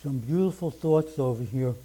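An older man preaching a sermon, reading scripture slowly and with emphasis. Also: medium pitch, dark tone, poor audio.

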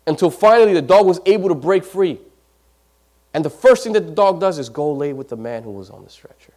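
A man preaching a sermon, building to loud emphatic peaks and dropping to near whispers, repeating phrases as he goes. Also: animated, brisk. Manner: swells loud and high for emphasis, then drops to near whispers; repeats phrases, occasional stumbles.

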